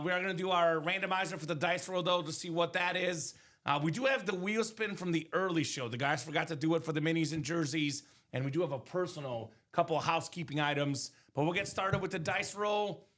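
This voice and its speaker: A man with a high, bright voice hosts a live sports memorabilia stream from a studio break room. He hypes every item in energetic sales banter. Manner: energetic, hyping items with quick asides.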